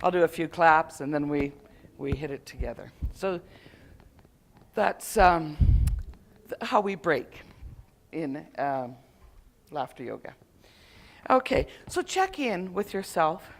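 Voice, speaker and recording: A woman with a deep, animated voice leads a conference crowd through laughter yoga. Playful and quick to laugh, she chants and calls out to the group as their instructor.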